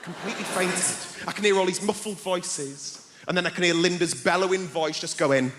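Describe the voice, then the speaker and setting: A young man tells a stand-up story on a big theater stage, slipping into voices for the people in it. His voice sits fairly high. The recording has a long hall echo and loud crowd laughter behind him. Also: normal speed, a little hiss or hum. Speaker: stand-up comedian. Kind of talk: stand-up set.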